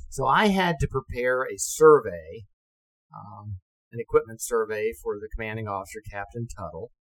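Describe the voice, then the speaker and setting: A man's voice: medium pitch, low-quality recording. An older man, a navy veteran, telling a casual anecdote in a salty, self-deprecating way with colorful slang.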